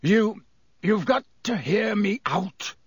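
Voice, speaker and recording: A man's voice: high-pitched, expressive, takes it slowly, no room sound, clean studio sound, voice pushed up, heavily acted. A man doing a snarling haggard convict. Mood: desperate. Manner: snarling, croaking.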